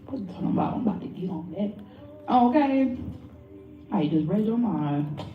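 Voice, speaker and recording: A woman's voice: mid-range voice, expressive, moderate pace, soft background music. A woman leading a motivational workshop, playful and profane, acting out quotes as she talks. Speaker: workshop leader and tarot reader. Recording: muffled, echoey, far from the mic.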